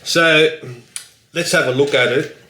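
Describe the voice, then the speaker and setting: A man's voice: fairly high pitch, fairly even intonation, a little slow, bright, forceful tone, roomy sound, slight background noise, low-quality recording. A man chatting casually in a rambling, self-deprecating vlog, swearing lightly. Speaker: vlogger.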